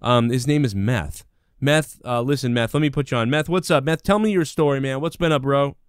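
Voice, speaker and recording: A man's voice: medium pitch, fairly quick, smooth, no echo, clean studio sound. A man hosting his own show, ranting in a rambling, profane comedic monologue. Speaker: show host.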